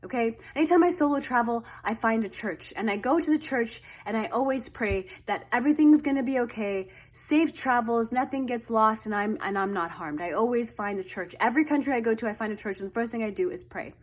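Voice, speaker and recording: A woman vlogger telling a story in a casual, animated, dramatic way. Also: on the high side, a little fast, few pauses.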